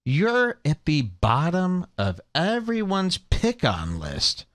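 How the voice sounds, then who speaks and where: A man's voice: on the high side, huge pitch swings, takes it slowly, fairly bright tone. A man hosting a show, mocking a clip in comedic commentary with laughter and impressions.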